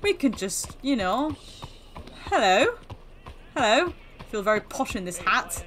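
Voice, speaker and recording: Bright-voiced woman doing playful game commentary. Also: medium pitch, lively intonation, moderate pace, a little hiss or hum. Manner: playful, chatty, teasing. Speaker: gaming channel host.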